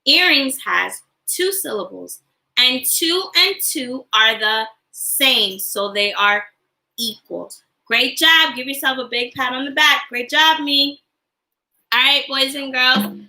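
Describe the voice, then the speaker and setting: A woman's voice: high voice, gravelly, bright, forceful tone, roomy sound, rough recording. A woman teacher leading a livestreamed class for young children, cheerful and sing-song, asking call-and-response questions. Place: home, online class livestream. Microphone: computer or phone mic on a livestream.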